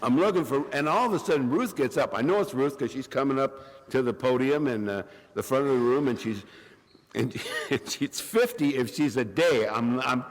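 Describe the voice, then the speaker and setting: A man's voice: medium pitch, normal speed. Wry rambling man at a podium, coughing. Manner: rambling storyteller, wry jokes, many fillers. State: coughing from bronchitis. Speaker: AA speaker. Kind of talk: comic recovery talk at a meeting. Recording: long reverb of a hall.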